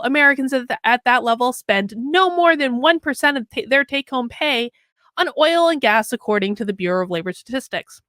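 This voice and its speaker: A woman's voice: high-pitched, a bit bright, no echo, clean studio sound. A woman hosting a political commentary show, reading an article aloud with sarcastic, mocking asides and chatty anecdotes.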